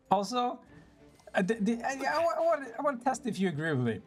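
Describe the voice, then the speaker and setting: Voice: mid-range voice, sing-song, moderate pace, soft background music. A game streamer chatting casually while playing, self-mocking and rambling, swearing now and then, and breaking into laughter often. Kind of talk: casual live-stream commentary over gameplay.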